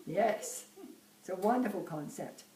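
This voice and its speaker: A woman's voice: mid-range voice, animated, unhurried, mellow, recorded from a distance. Elderly Cockney woman, roomy and off-mic. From Bermondsey, London. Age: about 80. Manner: chatty, laughs easily, reminiscing. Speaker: interviewee, host's mother. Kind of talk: casual chat. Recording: roomy, off-mic with faint ambience.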